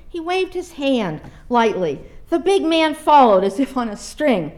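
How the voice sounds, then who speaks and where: Female preacher reading a story to her listeners; lively, expressive delivery. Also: sits high, a little slow. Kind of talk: storytelling read aloud.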